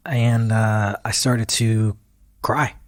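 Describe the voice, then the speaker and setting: A man's voice: fairly low pitch, takes it slowly, no echo, studio quality. A man in his thirties, a guest musician, telling a long story in an interview and acting out what people said to him. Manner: animated retelling that acts out quoted dialogue.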